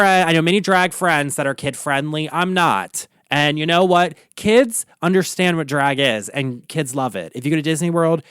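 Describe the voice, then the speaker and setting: A man's voice: on the high side, fairly bright tone, smooth, no echo, clean studio sound. A man with a Baltimore accent, a drag queen host ranting casually, campy and profane with lots of filler words. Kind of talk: casual solo rant.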